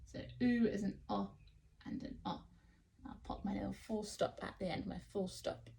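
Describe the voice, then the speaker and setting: A woman with an English accent teaching phonics to young children, sounding out letters slowly and praising often. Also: mid-range voice, steady tone, vocal fry, mellow. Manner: slow, sounding out letters, encouraging. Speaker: early years teacher.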